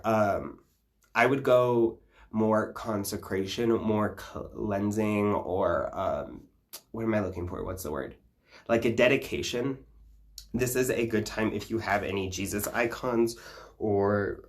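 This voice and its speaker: Irreverent, swearing man teaching casually. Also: on the low side. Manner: irreverent, profane, laughs often, many fillers. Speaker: folk magic vlogger. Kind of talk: casual spiritual teaching vlog.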